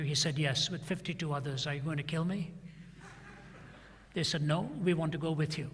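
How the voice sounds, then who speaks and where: A man's voice: on the high side, normal speed, long pauses, a bit bright, slight background noise. A middle-aged man preaching a sermon, retelling a story and acting out both sides of a conversation. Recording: long hall reverb.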